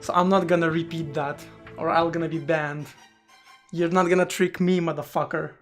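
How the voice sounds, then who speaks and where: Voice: medium pitch, steady tone, normal speed. A streamer chatting casually during a live coding session, rambling with stammered restarts and casual swearing, faint music behind.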